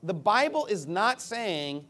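A man preaching a sermon in an emphatic, conversational way, acting out quick asides. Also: high voice, very animated, pushed and bright. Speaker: pastor.

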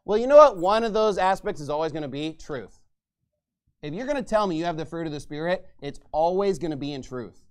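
A man with a high-pitched voice preaches a fiery, combative sermon from his own pulpit. His delivery swings into angry, mocking outbursts, with shouting at times. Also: lively intonation, fairly quick, clear, resonant tone. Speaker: pastor.

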